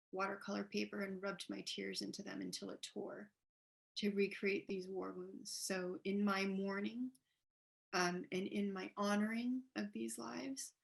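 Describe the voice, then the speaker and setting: A woman artist speaking on a video call panel, soft and halting, with many pauses and fillers, growing emotional as she talks. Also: mid-range voice, vocal fry, low-quality recording. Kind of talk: casual panel talk. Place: downtown apartment with street noise.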